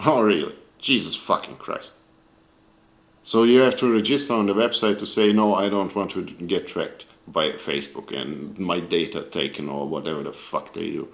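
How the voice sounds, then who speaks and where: Deep-voiced man ranting angrily, echoey room. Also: a bit bright. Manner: angry, profane, searching for words. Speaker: video creator. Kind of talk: casual rant to camera.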